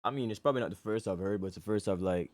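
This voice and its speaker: A man's voice: lowish voice, very fast, darkish tone, no echo. A man hosting a reaction video, commenting in a slangy, laid-back way and calling the viewer "bro". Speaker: reaction channel host.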